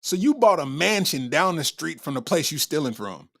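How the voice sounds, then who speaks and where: A man hosting a comedy podcast, reacting loudly to a news story with exclamations, laughter and repeated punchlines. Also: on the high side, very animated, normal speed, creaky. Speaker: podcast host. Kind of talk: comedic commentary.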